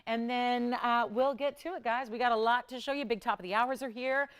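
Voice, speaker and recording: A woman's voice: a little high, fairly even intonation, a little fast, clean tone. Upbeat woman hosting live shopping. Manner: enthusiastic, repeats words for emphasis. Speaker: jewelry shopping host. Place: TV studio.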